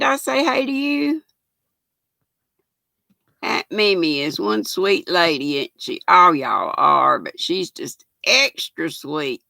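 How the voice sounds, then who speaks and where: An older woman with a Southern drawl chats slowly on her live crafting stream. Her voice is bright with a gravelly edge. The sound is dry and close, and she greets her viewers warmly by name. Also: lowish voice, dry recording. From Southern United States. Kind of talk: casual live-stream chat, reading viewer comments.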